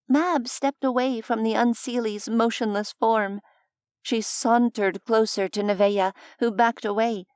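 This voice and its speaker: A woman reading a fantasy audiobook in a measured, expressive narration on a close studio mic. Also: a little high, clean tone, no room sound.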